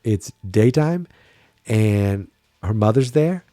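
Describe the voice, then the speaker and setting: A man's voice: fairly low pitch, expressive, slow, dark tone, no room sound, studio quality. A tired man hosting a podcast, chatting wryly and thinking aloud in a casual solo recap. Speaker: podcast host.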